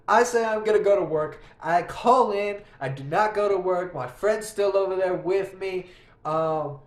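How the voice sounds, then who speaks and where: A man's voice: high-pitched, measured pace, roomy sound. A young man telling a story in a rambling, profane, casual way, often restarting his sentences while he plays a game. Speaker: vlogger.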